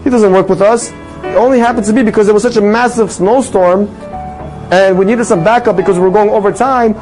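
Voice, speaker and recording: A man voicing a blunt male garbage truck worker in a retold story, explaining excitedly. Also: sits high, a little fast, faint music behind, voice pushed up, lightly acted, poor audio. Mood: puzzled, explaining.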